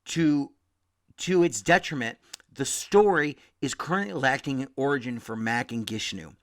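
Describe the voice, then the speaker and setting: A young man talking casually about comics, rambling, swearing freely and loudly acting out quotes. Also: mid-range voice, moderate pace. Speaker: comic book podcast host. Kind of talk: casual comic review rant.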